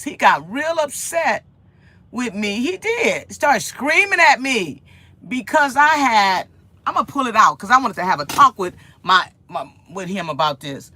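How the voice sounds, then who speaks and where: Speaking from her home kitchen, a vlogger chats casually with her viewers, telling an animated, rambling story full of repeated phrases. Her voice is mid-range at a moderate pace, and there's no room sound.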